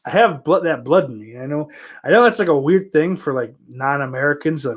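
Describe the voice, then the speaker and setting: A man's voice: a little high, animated, brisk. A man from hosting a podcast, rambling in casual chat, with lots of swearing, fillers and restarts. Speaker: podcast host. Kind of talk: casual chat answering viewer questions.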